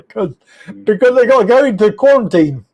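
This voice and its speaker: A man with a high voice hosts a comedy phone-in. He teases his callers and laughs a lot as he talks. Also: big pitch swings, measured pace, creaky, darkish tone, slightly rough. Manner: laughs often, jokey and teasing. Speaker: host.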